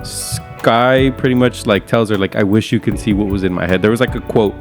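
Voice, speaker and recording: Low-voiced laid-back man on a podcast. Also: a little fast, soft background music. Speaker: podcast co-host. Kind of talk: casual movie recap chat.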